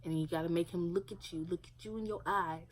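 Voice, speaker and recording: A woman's voice: fairly low pitch, quick pace, a little hiss or hum, low-quality recording. A young woman vlogging about her family in a casual, rambling way, full of filler words. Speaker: parent vlogger. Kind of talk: casual talk to camera.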